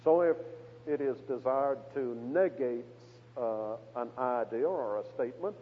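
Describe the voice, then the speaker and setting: A man preaching an expository sermon, measured and emphatic when he quotes scripture, with a husky voice. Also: mid-range voice. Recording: reverberant hall on a tinny, narrow-band radio broadcast.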